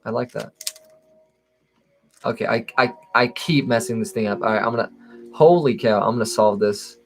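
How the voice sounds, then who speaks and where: A man's voice: medium pitch, normal speed, creaky, faint music behind. A young man freestyle rapping on a live stream, playful and self-mocking, stumbling and restarting as he goes. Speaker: amateur freestyle rapper. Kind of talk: live-streamed freestyle rap over a beat. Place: indoors, seated at home. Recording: faint backing beat. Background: hip-hop beat playing.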